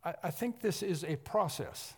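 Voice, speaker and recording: A man preaching an expository sermon, emphatic and repetitive, often clearing his throat. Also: sits high, animated, normal speed. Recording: long hall reverb.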